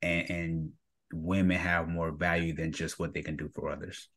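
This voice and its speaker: A man hosting a podcast interview, speaking in a soft, affirming way to his guest. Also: deep voice, level tone, normal speed. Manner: affirming, soft-spoken backchannels. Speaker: podcast host and marriage coach.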